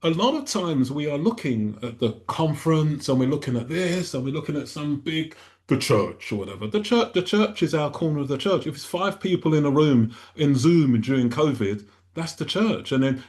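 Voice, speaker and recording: A man's voice: a little high, darkish tone. Earnest rambling male pastor. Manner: earnest, rambling with frequent restarts. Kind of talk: radio panel discussion.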